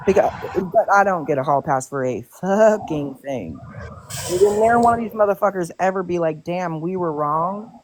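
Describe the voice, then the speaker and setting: A woman's voice: fairly low pitch, expressive, moderate pace, darkish tone, a little hiss or hum. A woman hosting a live stream in casual chat, ranting bluntly and swearing often in exasperation.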